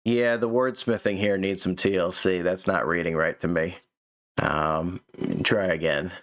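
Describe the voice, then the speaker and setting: A man's voice: low-pitched, fairly even intonation, measured pace, fairly bright tone. A man hosting and critiquing a manuscript in casual, chatty commentary, often stammering and repeating words. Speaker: host reviewing a manuscript.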